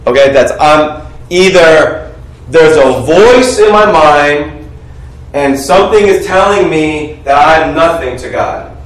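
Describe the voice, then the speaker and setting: A man preaching a sermon, calling on the congregation to finish his sentences and shout out answers. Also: a little high, takes it slowly. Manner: animated, coaxes the congregation to call out answers. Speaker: pastor. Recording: echoey room, heard from a distance.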